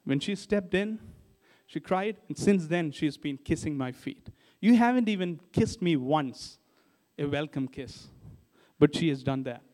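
A man's voice: on the high side, lively intonation, unhurried, darkish tone. A male preacher retelling a story in a sermon, speaking casually to his listeners. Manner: storytelling, addresses listeners as guys. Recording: long hall reverb.

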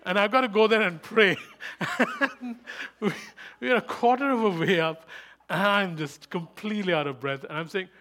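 A man's voice: sits high, moderate pace, fairly bright tone. A man preaching a sermon to a live audience, telling a personal story with frequent laughter and repeating key phrases for emphasis.

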